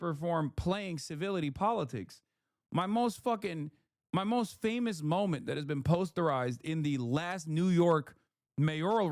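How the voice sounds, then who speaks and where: A man's voice: on the high side, no echo, clean studio sound. A man hosting a livestream, delivering heated, profane political commentary with blunt emphasis. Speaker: livestreamer host.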